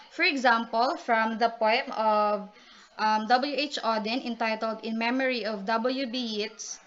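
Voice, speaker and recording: A woman's voice: fairly high pitch, steady tone, a little slow, a bit bright. A woman giving a class report on poetry and calling on classmates by name. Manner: explanatory, calls on classmates by name. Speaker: student reporter. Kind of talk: class presentation. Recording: dull lo-fi recording.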